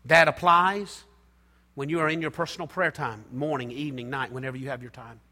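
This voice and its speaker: A middle-aged man preaching a sermon, swinging between soft, intimate passages and loud, emphatic ones. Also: medium pitch, fairly even intonation, a little fast. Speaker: pastor. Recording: long hall reverb.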